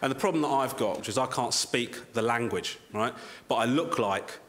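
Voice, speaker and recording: A man doing a stand-up routine, with animated, mock-indignant rants. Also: medium pitch, normal speed. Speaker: stand-up comedian. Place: theatre stage before a live audience. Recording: echoey theatre with loud crowd.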